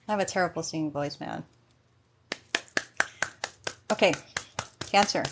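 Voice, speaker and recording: Slow, giggly woman tarot reader. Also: mid-range voice, background noise. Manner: chatty, giggly, self-deprecating. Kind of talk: casual livestream chat.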